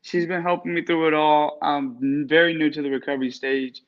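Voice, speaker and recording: A man's voice: on the high side, flat delivery, brisk, lo-fi sound. A man calling in to a live stream, gushing with grateful, repetitive praise as he talks about his recovery. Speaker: guest caller in recovery, barber. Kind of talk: emotional live-stream call.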